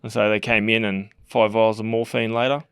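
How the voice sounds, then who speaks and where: A middle-aged man with an Australian accent, a podcast guest telling animated stories in a casual interview and acting out the sounds and voices. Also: on the low side, brisk. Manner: animated storyteller who acts out voices and sounds, swears casually. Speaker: podcast guest, former rugby league player.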